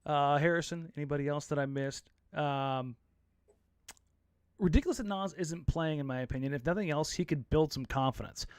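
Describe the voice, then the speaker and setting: A man co-hosting a relaxed sports podcast, telling stories in a blunt, joking way. His voice sits a bit high for a man. The recording is close and dry, with no room sound. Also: moderate pace, clear, resonant tone, dry recording. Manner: animated storyteller, jokey and blunt. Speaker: podcast co-host. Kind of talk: casual sports podcast chat.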